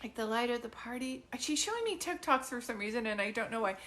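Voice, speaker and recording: A young woman with a slightly high voice gives a live reading to one viewer. She talks in a drowsy, halting way, with many fillers and restarts. She is emotional throughout. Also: animated, fairly bright tone, slight background noise. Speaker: psychic medium.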